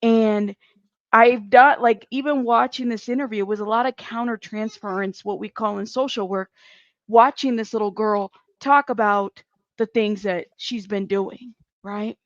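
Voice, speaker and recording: A woman's voice: a little high, steady tone, measured pace, dry recording. Earnest woman guest on a dull call line. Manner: earnest, explaining with many fillers. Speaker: social worker guest. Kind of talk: casual call-in conversation. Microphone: remote call audio, not on camera.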